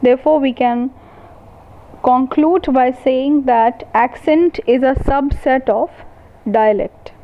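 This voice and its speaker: A woman university lecturer giving a recorded lecture, slowly and deliberately defining terms one by one. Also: high voice. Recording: tinny phone-like sound.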